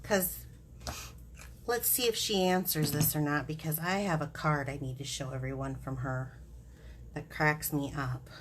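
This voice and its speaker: A woman with a deep, low voice talks through a craft project live, chatty and giggly as she explains each step. Faint background noise sits under her voice in a home craft room. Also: unhurried. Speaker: craft demonstrator host. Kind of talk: live stamping demonstration.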